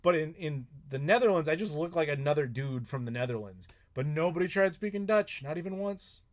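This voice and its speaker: A man's voice: on the high side, expressive, brisk. A man in his thirties hosting a live stream from home, answering chat questions in a rambling, casual way with some swearing. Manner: rambling, chatty, with frequent swearing and laughs. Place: home in Chicago.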